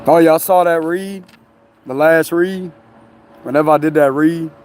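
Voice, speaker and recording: A man's voice: a little high, measured pace, a little mellow, a little hiss or hum. Rambling man streaming live outdoors. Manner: loose, rambling, laughs often, says "you know what I'm saying". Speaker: tarot reader streaming live. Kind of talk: casual live-stream chat. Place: outdoors near a tree and traffic.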